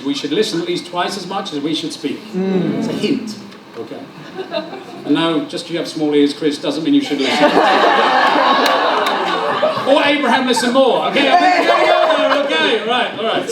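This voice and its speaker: Animated preacher in a hall. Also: male voice, high voice, very noisy. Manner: animated, joking, acts out dialogue. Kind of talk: lively sermon with storytelling. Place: church hall. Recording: roomy hall sound, mic at a distance.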